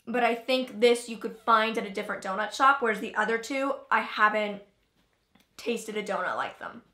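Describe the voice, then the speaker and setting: A woman's voice: fairly high pitch, animated, normal speed, pushed and bright, roomy sound. A young woman hosting a casual taste-test vlog, chatting in a loose, filler-heavy way and talking between bites. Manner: chatty, filler-heavy, talks while chewing. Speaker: vlogger host.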